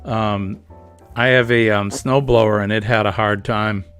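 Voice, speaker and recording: A man with a Boston accent hosting a live stream, chatting casually in a relaxed, drawn-out way. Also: fairly low pitch, smooth, soft background music. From New England. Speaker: livestream host. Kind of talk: casual chat.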